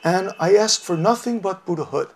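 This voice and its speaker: A humble young woodcutter, as a male teacher plays him, speaking earnestly and respectfully. The voice sits a bit high and carries a gravelly grain. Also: animated, moderate pace.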